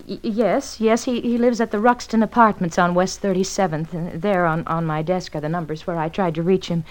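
An actress playing an anxious, fluttery wife who stammers nervously in a radio drama. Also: female voice, fairly low pitch, steady tone, a little fast, lightly acted, low-quality recording. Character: anxious fluttery wife, middle-aged woman.

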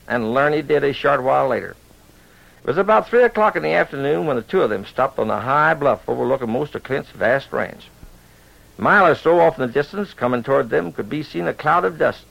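A man's voice: mid-range voice, vocal fry, fairly bright tone. A man telling a western story on the radio in a folksy cowboy drawl. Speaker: radio storyteller and show host. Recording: lo-fi old radio recording.

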